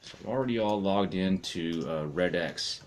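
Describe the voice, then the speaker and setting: A man's voice: deep voice, moderate pace, a little hiss or hum. A man doing real estate cold calls on a live stream, chatting casually to his viewers between dials.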